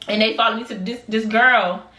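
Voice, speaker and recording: A woman vlogger telling a lively storytime to her viewers, acting out the voices of people in it and talking casually to the audience. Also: fairly high pitch, a little fast. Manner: animated, acts out voices in quotes; colloquial, addresses viewers as y'all. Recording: echoey room with background noise.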